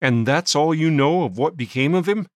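A man voicing a young man on trial who questions pointedly and insists calmly. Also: a little high, moderate pace, no room sound, studio quality, voice pushed up, natural voice.

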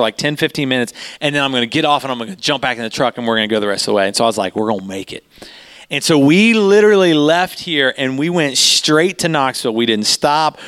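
A man, a pastor, telling a story in a sermon, animated and rising in pitch as he gets excited. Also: smooth.

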